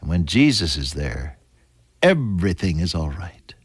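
An older man preaching a sermon in an earnest storytelling manner, climbing high for emphasis and sinking to soft whispers. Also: big pitch swings, unhurried, slightly rough, no echo. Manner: earnest storytelling, pitch rising sharply on emphasis and dropping to near whispers.

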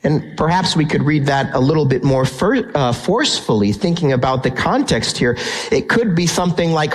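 A male pastor delivering a sermon with emphatic conviction. His voice sits a little higher than most men's, and he slows right down to stress the words that matter. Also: expressive, husky, rough recording. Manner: emphatic, builds tension, slows down for key phrases.

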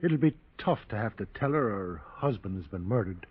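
An actor playing a blunt, suspicious detective's partner in a 1940s radio drama, talking in a needling way. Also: male voice, fairly low pitch, animated, normal speed, husky. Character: blunt, suspicious male sidekick, tough partner. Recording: muffled old radio broadcast.

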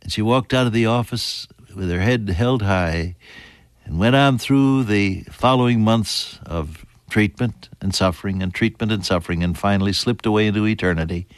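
An older man preaching a sermon, moving from hushed, near-whispered lines to lifted, emphatic ones. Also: on the low side, normal speed, dry recording, studio quality.

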